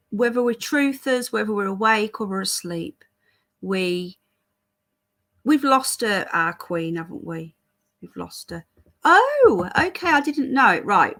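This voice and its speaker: A British host with a British English accent rambles through a casual livestream, reading out and responding to viewer comments as they come. Her voice is medium-pitched and a bit bright.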